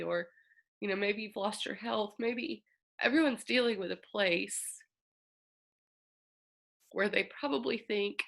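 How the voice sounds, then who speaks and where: A woman's voice: mid-range voice, unhurried, vocal fry, pauses often, a bit bright. A woman astrologer hosting a casual, earnest talk, reflective and openly emotional as she speaks. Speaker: astrologer host.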